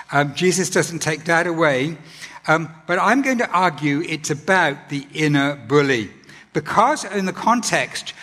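Man preaching, husky, slightly high voice, gentle and earnest, long hall echo. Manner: gentle, earnest, with frequent ums and restarts. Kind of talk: sermon.

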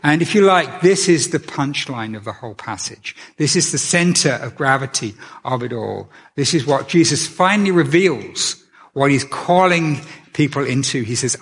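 A man's voice: medium pitch, slightly rough. A man preaching a sermon in a conversational way, often restarting his sentences. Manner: conversational, with many restarts and fillers.

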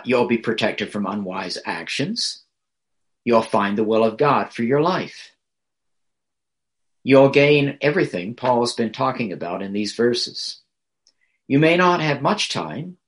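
A male pastor preaching a sermon in a measured, earnest way, pausing often with small fillers. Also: medium pitch.

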